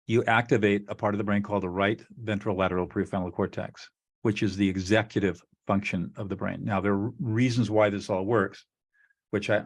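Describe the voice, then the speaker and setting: A man co-hosting a talk on relationships, explaining a technique in an earnest, methodical way and acting out sample dialogue. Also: fairly low pitch. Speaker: co-host teaching relationship skills.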